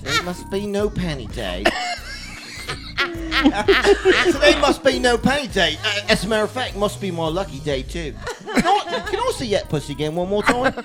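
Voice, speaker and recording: A leering, crude Englishman, as a man puts him on, with a high put-on English accent and a giggly delivery. The pitch swings up and down a lot, and music plays in the background. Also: huge pitch swings, normal speed, pauses often. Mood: lecherous. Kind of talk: podcast impression.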